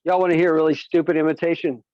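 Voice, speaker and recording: A man's voice: fairly high pitch, level tone, very fast, no room sound, lo-fi sound. A man doing a stand-up comedy set, telling stories and slipping into silly voices.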